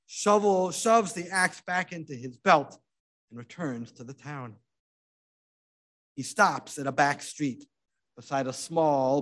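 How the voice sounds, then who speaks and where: Expressive male sermon storyteller. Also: fairly high pitch. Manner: dramatic, hushed and expressive.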